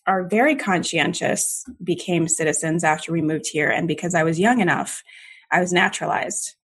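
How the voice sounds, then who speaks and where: A middle-aged woman from Jamaica, raised in America and speaking like an American, talking as a podcast guest in a lively, self-deprecating way with frequent laughs. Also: lowish voice, normal speed, slightly rough. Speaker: podcast guest, comedian and author. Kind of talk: casual interview conversation.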